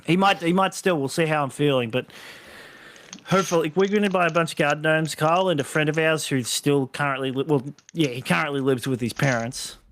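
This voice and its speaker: Rambling, laughing podcast co-host. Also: male voice, fairly high pitch, a little fast, a bit bright. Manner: rambling storyteller, laughs often. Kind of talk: casual chat.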